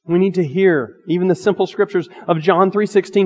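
A pastor delivering a sermon, reading scripture slowly and shifting between loud emphatic lines and hushed asides. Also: male voice, sits high, highs cut off. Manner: reads scripture aloud slowly and earnestly. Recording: long reverb of a large hall.

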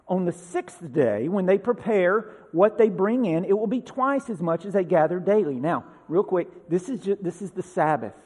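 A man's voice: high voice, animated, normal speed, hardly any pauses, a little mellow. A man preaching a sermon, reading scripture aloud with rising emphasis and breaking into casual asides. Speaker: pastor. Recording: reverberant hall.

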